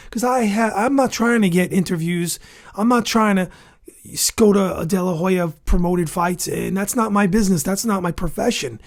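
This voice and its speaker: Ranting indignant boxing show host. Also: medium pitch. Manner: ranting, indignant, repeats insults for emphasis; skims and reads an article aloud between outbursts. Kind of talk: opinionated commentary monologue.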